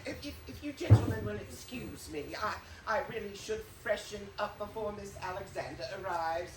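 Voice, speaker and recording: A woman's voice: mid-range voice, a little mellow, natural voice. An actress playing a gushing, fluttery woman who runs a playhouse, stammering and giggly, in a live stage play. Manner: stammering, giggly, drawn-out theatrical delivery. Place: theater stage. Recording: echoey stage, distant mic, faint hiss.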